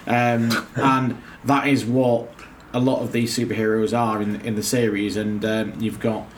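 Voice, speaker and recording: A man's voice: lowish voice, little pitch movement, measured pace, a little hiss or hum. Joking, sarcastic man in casual chat. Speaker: co-host reviewing a TV series.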